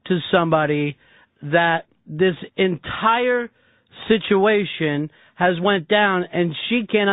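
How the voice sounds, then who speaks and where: A man hosting a call-in talk radio show who cracks profane jokes and takes calls. His voice is high for a man, and the sound is dry and narrow like a phone line. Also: no echo. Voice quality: laughing, profane, rapid-fire. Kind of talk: casual radio banter. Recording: dry, tinny broadcast audio.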